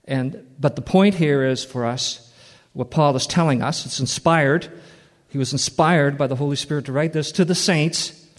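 A man's voice: a little high, moderate pace. A man teaching a Bible study in an earnest, plain-spoken way, repeating words for emphasis, in a church hall. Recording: long reverb of a large hall.

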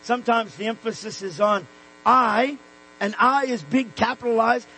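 A man preaching a sermon, emphatic, slowing down and dropping soft on key words. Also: very high-pitched, a little hiss or hum, rough recording. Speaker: pastor.

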